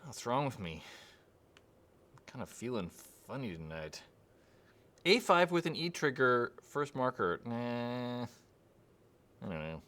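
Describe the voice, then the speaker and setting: A man's voice: mid-range voice, sing-song, a little slow, pauses often, bright, forceful tone. A young man hosting a live stream and answering chat questions casually, rambling and hesitant, with many fillers.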